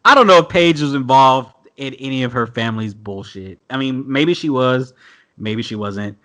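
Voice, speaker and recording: A podcast host with a mid-range, fairly bright voice speaks at a normal pace over a video call. As he reads an article aloud in this casual show, he's blunt and profane and laughs frequently.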